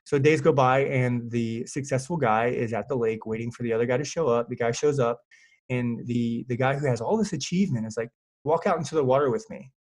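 A man's voice: medium pitch, a little fast. A man who coaches fitness clients, chatting casually on a podcast and telling stories with lots of fillers. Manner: animated storyteller, lots of fillers.

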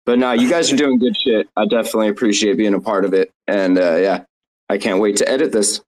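A man with a somewhat low voice who makes dry, self-mocking jokes. He swears offhandedly while chatting with the group. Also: fairly even intonation, fast talker, darkish tone, poor audio. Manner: wry, joking, casual swearing. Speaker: guest. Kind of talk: casual chat.

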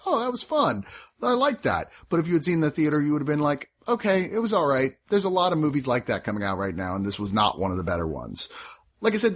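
Husky lively man reviewing films. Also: mid-range voice. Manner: loose, joking, acts out quoted reactions. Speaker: film review podcast co-host. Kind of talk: casual movie review chat.

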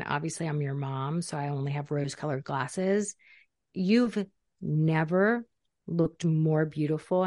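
A middle-aged woman, a parenting coach, talking casually and acting out quotes in animated voices. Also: deep voice, no echo, studio quality. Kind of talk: casual conversational talk.

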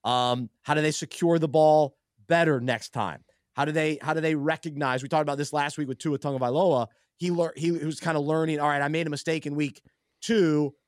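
A man's voice: on the high side, steady tone, brisk, dry recording, studio quality. A man co-hosting a casual sports talk show, earnest and thoughtful, often restarting his sentences. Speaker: podcast co-host. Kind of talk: casual sports chat with a faith angle.

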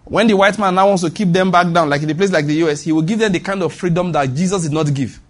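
A man's voice: sits high, quick pace. A Nigerian man preaching a sermon with a Nigerian accent, emphatic and repetitive, calling on the congregation to respond. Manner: emphatic, repeats lines for stress, calls on the congregation.

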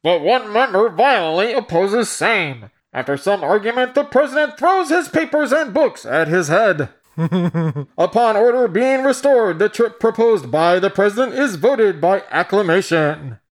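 A man voicing a grandiose old-time silent-film narrator with a booming megaphone crooner delivery. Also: animated, a little slow. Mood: declaiming.

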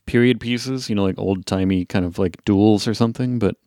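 A man's voice: on the low side, brisk, mellow, no room sound, studio quality. A man co-hosting a podcast, musing in a thoughtful, hesitant way. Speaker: podcast co-host. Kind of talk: casual chat.

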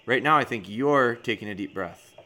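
A man's voice: medium pitch, moderate pace, pushed and bright. A man hosting a dog training podcast, reviewing a trainee's video and talking directly to him with frank critique.

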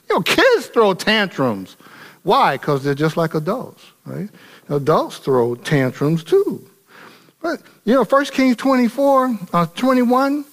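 A man pastor preaches a sermon in an animated, colloquial and humorous way. His voice sits high for a man and swings widely as he works the congregation.

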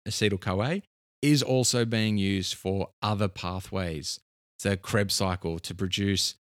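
A man's voice: low-pitched, fairly bright tone, no room sound, clean studio sound. A man explaining his own diet and training experience in a casual monologue, thinking aloud with frequent restarts.

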